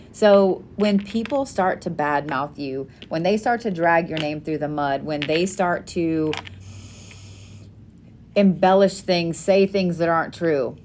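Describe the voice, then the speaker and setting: Animated swearing woman chatting live. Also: lowish voice, slight background noise. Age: adult parent. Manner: animated storytelling, frequent swearing. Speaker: live-stream host making custom bracelets. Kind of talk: casual chat to a live audience.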